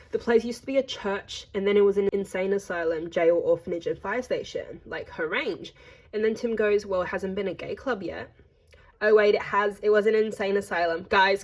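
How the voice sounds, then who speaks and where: A woman's voice: medium pitch, darkish tone. A young Australian woman narrating a casual travel vlog in a chatty, gossipy way with playful slang. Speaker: vlogger.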